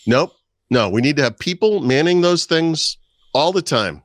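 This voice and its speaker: A man's voice: a little high, very animated, moderate pace, a bit bright, dry recording, clean studio sound. A middle-aged man and podcast co-host, telling wry anecdotes in casual chat. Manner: storytelling, wry, puts on voices in anecdotes.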